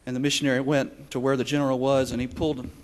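A man preaching a sermon, swinging between shouted passages and hushed, quiet ones. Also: mid-range voice, level tone, fast. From Texas.

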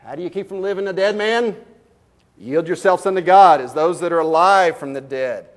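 Emphatic preacher man. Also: sits high. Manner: preaching with sudden loud bursts and slow emphatic drops; folksy storytelling, rhetorical questions to the congregation. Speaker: pastor. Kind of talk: sermon.

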